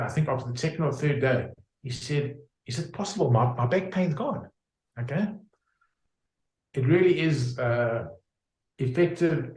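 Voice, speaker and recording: A man's voice: medium pitch, a little mellow. Man explaining in an echoey room. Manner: explains with homely examples, many fillers and restarts. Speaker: homeopath guest. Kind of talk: conversational interview explanation.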